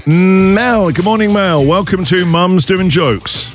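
A man's voice: high-pitched, slow pace, faint music behind. A man hosting a breakfast radio show, chatting and teasing callers in a joking way. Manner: jokey, teasing, laughs often. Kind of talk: casual radio banter.

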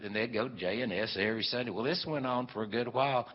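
A man spins a meandering, folksy yarn full of little fillers. His voice is pitched in an ordinary middle range. It comes through dull and muffled, with a long hall echo behind it. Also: fast talker, hardly any pauses, husky. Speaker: storyteller. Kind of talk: folksy live storytelling. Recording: dull, hall-echoed live recording.

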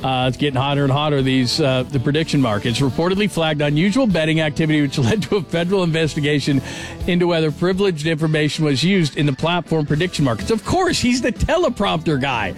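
A man hosting a sports radio show, excitable and full of big praise. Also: fairly high pitch, quick pace, soft background music.

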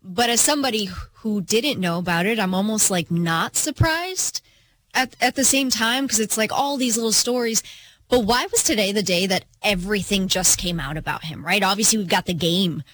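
A woman's voice: medium pitch, moderate pace, fairly bright tone. A woman co-hosting a casual sports talk show, chatty and giggly, filling her talk with "like". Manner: giggly, chatty, lots of fillers like "like". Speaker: co-host.

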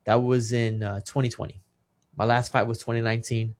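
A man, a retired boxer, is a guest in a casual chat. He tells an emotional personal story with deep feeling. His voice sits at an ordinary middle pitch. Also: level tone, fairly quick. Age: 30s. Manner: emotional, earnest, quotes others' words.

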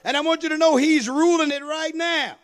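Very high-voiced man preaching a sermon. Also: fairly even intonation, brisk. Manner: call-and-response preaching, rising into shouted, half-sung cadences. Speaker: pastor.

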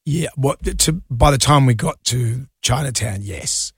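A man's voice: medium pitch, unhurried, breathy edge, dry recording, studio quality. A middle-aged Australian man co-hosting a radio show, telling rambling anecdotes and laughing easily. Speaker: radio co-host. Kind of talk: casual on-air banter. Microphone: studio mic.

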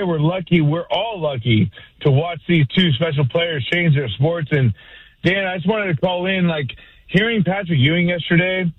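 Man caller, slangy and excited, husky, tinny phone line. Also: fairly high pitch, dry recording. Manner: rambling, enthusiastic, slangy. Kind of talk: casual call-in.

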